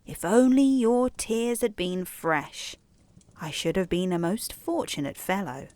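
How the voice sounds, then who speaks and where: A woman's voice: medium pitch, a little slow, darkish tone, lightly acted. A woman voicing a fussy, self-pitying male frog in a bedtime story, fretful and then coaxing. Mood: lamenting.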